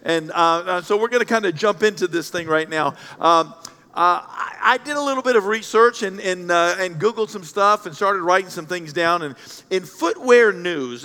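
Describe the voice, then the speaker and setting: A male pastor delivers a playful, animated sermon, trading loud bursts for quiet asides. His voice sits high and sounds bright and forceful. The sound carries the long reverb of a large church hall.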